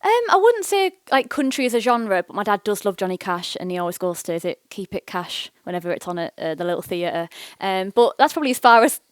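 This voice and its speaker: A woman's voice: medium pitch, big pitch swings, fairly quick, hardly any pauses, clear, resonant tone, dry recording, clean studio sound. A woman with a Teesside accent who enunciates every word, answering questions as a singer-songwriter guest at a live interview in a bookshop. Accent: Teesside English.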